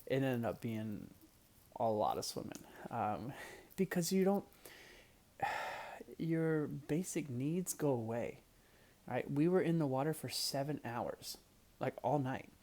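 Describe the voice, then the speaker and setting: Gravelly-voiced young man telling a story. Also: medium pitch, slow pace, long pauses. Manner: animated, laughing, drops to hushed asides. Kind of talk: casual storytelling.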